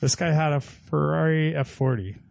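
A man in a casual chat, talking quickly and eagerly and saying dude a lot. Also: a little high, creaky, a little mellow, no room sound, studio quality.

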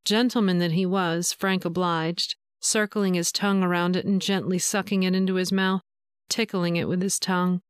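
A woman narrating an adult audio story in a slow, even reading voice. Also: fairly low pitch, smooth, no echo, studio quality.

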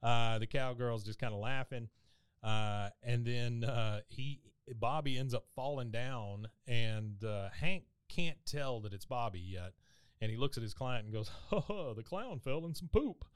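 A man's voice: mid-range voice, clear, resonant tone, no echo. A man casually recapping a cartoon episode on a podcast, playfully acting out the characters' lines. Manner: playful, acts out character lines in quick bursts. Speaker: podcast co-host.

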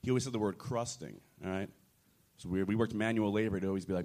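A man's voice: fairly low pitch, fast, darkish tone. A young man with a Philadelphia accent doing a laid-back stand-up set, mumbling and tagging lines with "you know what I'm saying". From Philadelphia area. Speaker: stand-up comedian. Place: comedy club stage.

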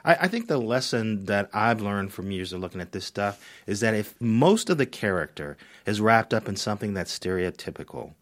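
A man's voice: fairly low pitch, animated, normal speed, hardly any pauses. A man speaking as a critic in a radio interview, thoughtful, often repeating words as he starts. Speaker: media critic guest.

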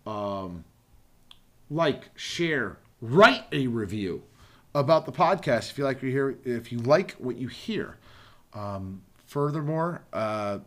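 In a relaxed podcast conversation, this male co-host rambles, swears liberally and trades jokes with his fellow hosts. He has a mid-range voice with lively intonation and takes his time speaking.

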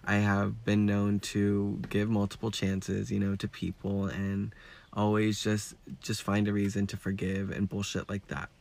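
A man's voice: fairly low pitch, completely flat delivery, measured pace, gravelly, darkish tone. A man hosting a podcast, talking frankly in a casual, rambling way with lots of swearing. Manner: frank and heavily profane; rambling with many fillers. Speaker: podcast host.

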